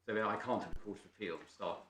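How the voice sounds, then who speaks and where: A male barrister making measured, formal submissions to appeal judges, with small restarts. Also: fairly low pitch. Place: large echoey courtroom. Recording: echoey courtroom, faint noise.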